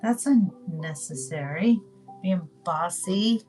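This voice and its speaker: Slow-talking Southern woman, chatty and rambling. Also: fairly low pitch, rough recording. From Northwest Florida, US. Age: older. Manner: rambling, chatty, trails off with ums. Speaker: craft livestream host. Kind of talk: casual chat while crafting. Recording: music playing behind.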